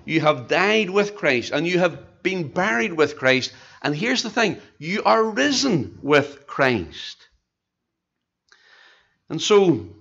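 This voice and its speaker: A man with a Tennessee Southern accent preaches a sermon in a church sanctuary, his voice fairly high and bright. He leans on slow, stressed phrases and asks his congregation rhetorical questions. The recording is a bit muffled. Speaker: pastor.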